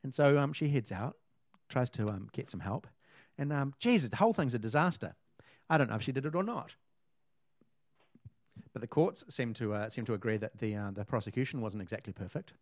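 A man's voice: mid-range voice, fairly quick, long pauses, no room sound, clean studio sound. A man, co-hosting a casual chat and rambling with lots of fillers and restarts. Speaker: podcast co-host.

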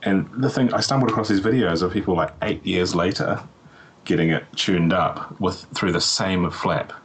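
A man's voice: deep voice, normal speed, slight background noise, rough recording. A man with a slightly sick voice chatting casually on a podcast, telling a story with lots of fillers and laughs. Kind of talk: casual chat.

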